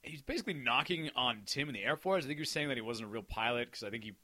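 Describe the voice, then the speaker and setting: A man telling a long anecdote in casual chat, animated and acting out the people he quotes. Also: mid-range voice, very fast, dry recording.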